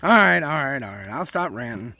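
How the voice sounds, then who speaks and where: Very animated and brisk, this mid-range male voice has a creaky, sharp tone. A homesteading host from South Carolina, he chats outdoors near his chickens in a rambling, folksy way, saying y'all constantly.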